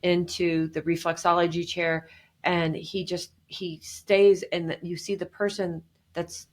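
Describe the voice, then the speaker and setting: A woman speaking as a guest on a podcast, talking earnestly and warmly in a casual way, often acting out what people say. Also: lowish voice, level tone, unhurried. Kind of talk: casual conversational interview.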